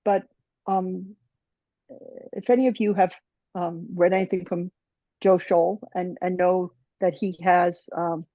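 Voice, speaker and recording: A woman's voice: lowish voice, fairly even intonation, no echo. Woman presenter finishing her talk, stops and restarts a lot, keeps saying right, kinda lo-fi dry audio. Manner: halting, restarts often, tags "right?". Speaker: conference presenter. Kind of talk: personal closing remarks of a talk. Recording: dull dry lo-fi sound.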